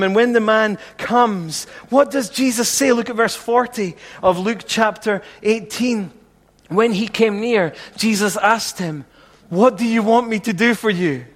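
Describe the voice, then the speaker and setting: A man's voice: high voice, long reverb tail. A man preaching a sermon as pastor, earnest and repetitive, asking the congregation rhetorical questions.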